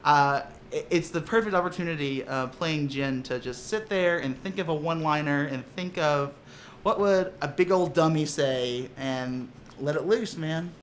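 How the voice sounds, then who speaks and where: A man's voice: a little high, normal speed, slight background noise. A man who plays in a tabletop game, talking casually in an interview, restarting and repeating words as he goes. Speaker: tabletop game player and actor.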